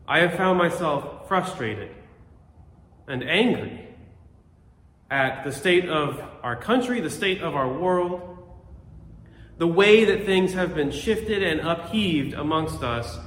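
A man gives an earnest, reflective sermon, recorded on a phone. His voice sits a little high for a man and moves in measured phrases. The room around him is echoey, with a long reverb trailing each line. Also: lively intonation, a bit bright. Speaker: pastor.

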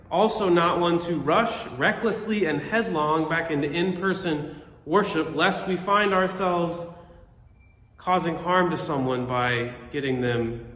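A man preaching a sermon as a pastor, recorded on his phone, speaking in an earnest, reflective way with measured pauses. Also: a little high, a bit bright. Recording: echoey room with long reverb.

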